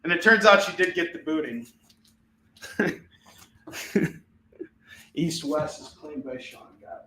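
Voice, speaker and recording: Man, host, live comic sale, casual upbeat patter, bright voice, echoey room at home. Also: fairly high pitch, a little hiss or hum. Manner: chatty, upbeat, laughs often, counts off books quickly. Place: his home, with kids in the house.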